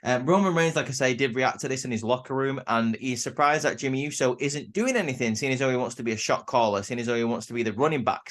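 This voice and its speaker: Young guy, casual recap host, stammery and rambling, mid-pitched. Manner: rambling, stammers and restarts often. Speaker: wrestling show reviewer. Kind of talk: casual spoken review.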